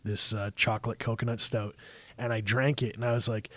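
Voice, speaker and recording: A Canadian man hosting a casual podcast chat, telling lively stories and laughing often. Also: fairly low pitch, fairly quick, no echo. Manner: animated storyteller, laughs often. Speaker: podcast host from the brewery.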